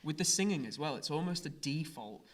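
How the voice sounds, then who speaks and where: A man's voice: a little high, animated, brisk. Conversational male podcast host. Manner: conversational, lots of fillers like "kind of". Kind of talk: casual podcast interview.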